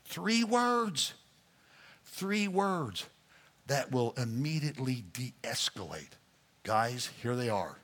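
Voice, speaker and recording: A man's voice: mid-range voice, very animated, takes it slowly, fairly bright tone. A male pastor preaching a sermon, addressing the congregation directly in a playful coaching manner.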